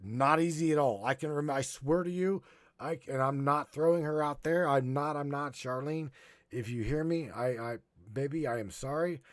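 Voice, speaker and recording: A man hosting a live stream, rambling and swearing, halting and choked up as he talks. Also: fairly high pitch, no echo, clean studio sound. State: choking up. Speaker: podcast host. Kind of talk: emotional live-stream monologue.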